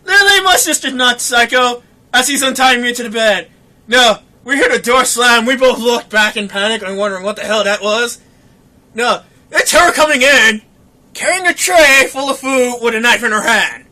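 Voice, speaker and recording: High, bright-voiced young man telling a wild story. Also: moderate pace. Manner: animated, profane, acts out quotes. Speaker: podcast co-host. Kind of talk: casual storytelling chat.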